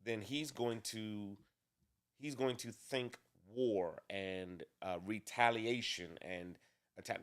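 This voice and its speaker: A man co-hosting a casual talk show about marriage, speaking in a deliberate, measured way with some restarts. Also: lowish voice. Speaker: co-host.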